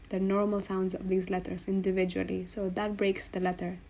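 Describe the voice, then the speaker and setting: Woman, language teacher, slow and patient, mellow tone, faint room noise behind. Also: mid-range voice, flat delivery. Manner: slow, patient, spells out sounds and repeats them. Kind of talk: explaining letters on a board.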